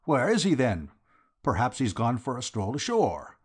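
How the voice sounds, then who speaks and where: A man's voice: mid-range voice, huge pitch swings, moderate pace, husky. A man voicing a bluff, hearty older yacht owner in an audiobook reading.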